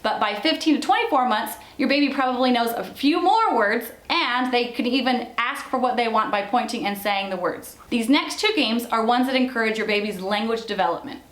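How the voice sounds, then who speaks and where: A young woman presenting a parenting lesson, explaining toddler games in a slow, patient way. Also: fairly high pitch, animated, fairly bright tone, roomy sound. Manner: slow, patient, sing-song with the child. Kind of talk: instructional demonstration with a toddler.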